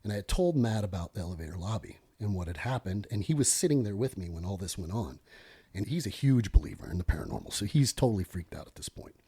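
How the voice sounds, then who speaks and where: Animated middle-aged man telling a story. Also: fairly low pitch, quick pace, husky. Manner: animated, self-interrupting storyteller. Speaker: podcast guest, former police lieutenant. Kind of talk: storytelling in a podcast interview.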